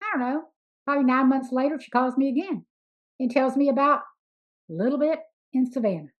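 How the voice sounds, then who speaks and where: A middle-aged woman talks in a high, bright register. She tells her stories in a chatty, emphatic, folksy way, as a guest in a casual interview. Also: brisk, poor audio. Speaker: sanctuary founder, interview guest.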